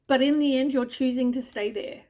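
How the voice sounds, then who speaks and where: A woman's voice: high-pitched, fairly even intonation, fairly quick, mellow. A woman doing a casual tarot reading, talking straight to the listener in a chatty, offhand way with mild swearing and asides. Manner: addresses the listener directly as you. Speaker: tarot reader.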